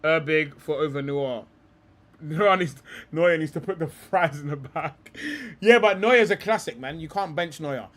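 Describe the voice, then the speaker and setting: A man's voice: on the high side, a bit bright. A young man hosting a live stream, talking football in a rambling, heated way, swearing often and calling people bro.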